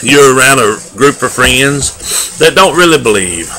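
A man giving a daily devotional, earnest and homespun in manner, with loose everyday grammar and drawn-out emphatic phrases. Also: mid-range voice, lively intonation, bright, forceful tone, a little hiss or hum, rough recording. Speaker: lay preacher. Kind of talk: folksy daily devotional sermon.

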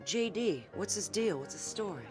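A woman's voice: fairly low pitch, lively intonation, moderate pace, lightly acted. A woman playing a flirtatious sultry wife. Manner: flirtatious, suggestive. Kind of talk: improvised comedy sketch acting. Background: music.

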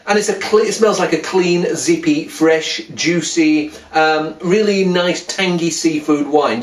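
A man's voice: fairly high pitch, far from the mic. Casual, wry male wine vlogger, talking off the cuff in a roomy space a little away from the mic. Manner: chatty, wry, full of restarts and asides. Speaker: wine reviewer. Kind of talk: casual wine tasting video. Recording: roomy sound, voice a bit off mic.

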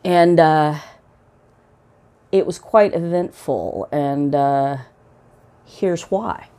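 A woman hosts her own pipe-smoking video show with a slightly low voice. She chats casually and meanders, full of fillers and quick to poke fun at herself. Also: warm tone, clean tone. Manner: rambling and self-mocking, many fillers. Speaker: pipe-smoking vlog host. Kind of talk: casual chat to camera.

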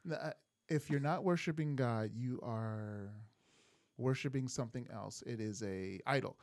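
A man's voice: medium pitch, unhurried, no room sound, clean studio sound. A man co-hosting a casual sermon recap chat, telling stories with animation and sometimes groping for words. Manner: animated storyteller who gropes for words. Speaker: podcast co-host.

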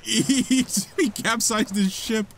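A man's voice: mid-range voice, very animated, normal speed, slight background noise. A man giving playful, sarcastic gameplay commentary as a video host, often laughing. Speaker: gaming YouTuber.

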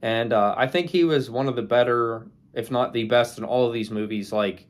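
A man's voice: mid-range voice, moderate pace. A young man talking casually about old monster movies, rambling with many ums and likes. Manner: rambling, many fillers and restarts. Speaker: movie reviewer. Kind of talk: casual movie ranking talk.

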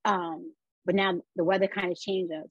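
A woman's voice: on the low side, little pitch movement, moderate pace, muffled recording, slight background noise. A woman guest on a podcast telling her personal story, acting out the voices of the people in it.

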